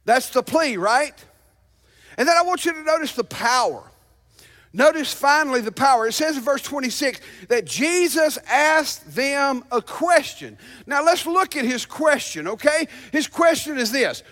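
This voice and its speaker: A male pastor preaching a sermon to his congregation, emphatic and calling out to them, swinging between loud declarations and hushed asides. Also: extremely high pitch, lively intonation, moderate pace. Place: church sanctuary.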